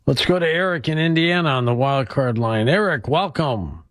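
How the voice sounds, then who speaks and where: A man's voice: medium pitch, animated, moderate pace, dry recording, studio quality. A man hosting a call-in radio show, asking friendly, inquisitive questions. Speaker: radio host.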